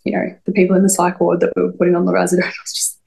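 Racing through her story, a young woman speaks in a fairly low, monotone voice with vocal fry and a darkish tone. As a podcast guest recounting something personal to an interviewer, she rambles, says "like" a lot, and quotes others.

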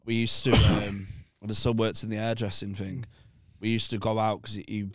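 A man's voice: lowish voice, flat delivery, normal speed, dry recording, clean studio sound. A man telling a loose, swearing anecdote in a casual chat.

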